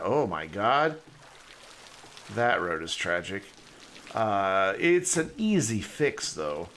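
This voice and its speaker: A man with a lowish, fairly bright voice speaks slowly but with lots of animation, over a faint hiss or hum. He's streaming a city-building game, chatting casually and thinking aloud as he plays, his rambling sentences trailing off.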